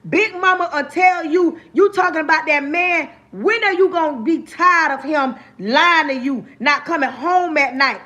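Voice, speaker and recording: A woman's voice: high-pitched, a little slow, hardly any pauses, sharp tone. A woman hosting a livestream, giving emphatic, repetitive life talk and often checking in with her listeners. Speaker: livestream host. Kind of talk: preachy motivational livestream talk.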